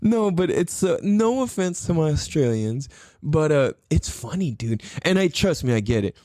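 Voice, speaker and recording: A man's voice: on the high side, very animated, normal speed, warm tone, dry recording, studio quality. A man hosting a solo podcast, rambling casually, swearing and often laughing. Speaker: podcast host.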